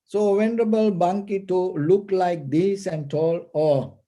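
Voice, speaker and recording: A man giving a dharma talk, telling a story slowly and patiently in simple, plainly phrased English. His voice sits high for a man, with a mellow, dark tone, and his delivery is very unhurried. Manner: slow, patient, simple non-native phrasing. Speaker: meditation teacher.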